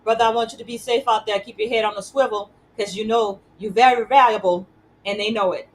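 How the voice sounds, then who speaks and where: Woman hosting a talk show, rather high. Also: fairly even intonation, brisk, a little hiss or hum, rough recording. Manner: conversational, repeats words as she builds points. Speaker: host. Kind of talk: interview conversation.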